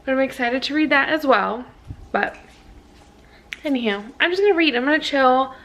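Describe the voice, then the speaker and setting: A tired woman chatting casually to camera in a vlog, gushing and rambling with fillers and soft whispered asides. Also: high-pitched, animated, moderate pace. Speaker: vlogger.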